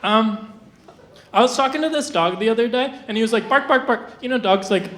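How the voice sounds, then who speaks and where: A young adult stand-up comedian on a live stage, delivering absurd jokes deadpan with hesitant restarts and lots of fillers. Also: mid-range voice, a little fast. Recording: roomy live venue sound.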